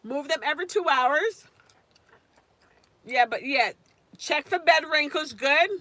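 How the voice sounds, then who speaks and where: A woman's voice: high voice, animated, slow, sharp tone, dry recording. A woman tutoring nursing students on a casual live stream, chatting and answering viewers' comments by name.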